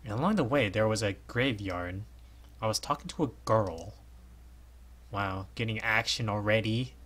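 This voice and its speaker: Hoarse man, lively let's play commentary, bright husky tone, jokey. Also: lowish voice, moderate pace. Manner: animated, jokey, often laughing at himself. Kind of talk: reading a visual novel aloud with commentary.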